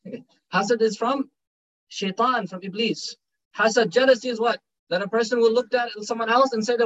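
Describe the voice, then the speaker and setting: A man's voice: very high voice, fairly even intonation, fairly quick, fairly bright tone. A young man giving an informal religious lecture, conversational and joking, dropping in Urdu and Arabic phrases. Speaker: Islamic teacher giving a talk. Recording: dull distant recording.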